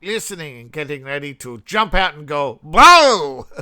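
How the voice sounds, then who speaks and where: A man's voice: a little high, lively intonation, brisk, sharp tone, smooth. An Australian man hosting a casual news commentary vlog, rambling and sarcastic, chuckling at his own jokes. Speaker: host.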